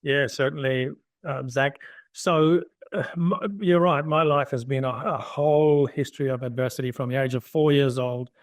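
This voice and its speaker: A man's voice: mid-range voice, steady tone, moderate pace, dry recording. An older man, a podcast guest, telling a long personal story in conversation and acting out the dialogue he quotes. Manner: anecdotal, acts out quoted dialogue. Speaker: guest entrepreneur.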